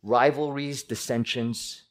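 Middle-aged guy preaching, animated, mid-pitch voice, jumps into loud angry voices. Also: takes it slowly. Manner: animated, acts out angry voices with sudden loud high bursts. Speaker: pastor. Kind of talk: sermon.

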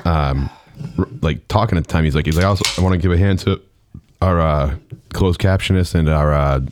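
A young man with a very low, deep voice tells a funny story in a relaxed podcast chat. He gets animated as he goes and keeps laughing. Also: fairly quick, background noise.

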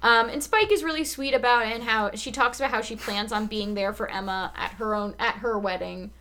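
A woman's voice: on the high side, fairly quick, bright, forceful tone, slight background noise. A woman co-hosting a podcast, chatting casually and laughing often as she recaps a show. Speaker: podcast co-host.

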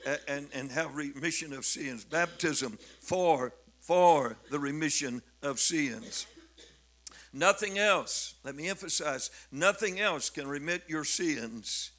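Older male bishop, bright forceful voice, pitched a little high, preaching with fervent, repeated emphasis. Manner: fervent, rising to emphatic declamation, with frequent repetitions. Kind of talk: sermon.

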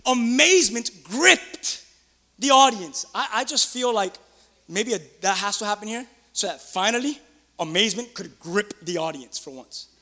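A man preaching a sermon in church as pastor, excitable, swinging between loud outbursts and quiet asides. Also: sits high, moderate pace, in a large hall.

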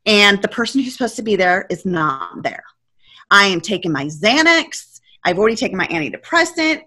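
Bright-voiced woman telling a lively story. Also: mid-range voice, fairly quick. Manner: animated, acts out her past self's panicked quotes. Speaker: podcast guest. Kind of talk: casual storytelling interview.

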